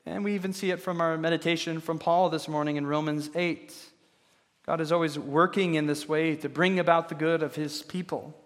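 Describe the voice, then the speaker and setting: A man preaching a sermon as pastor, measured and steady, posing rhetorical questions to his congregation. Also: on the high side. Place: church sanctuary. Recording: long reverb of a large hall.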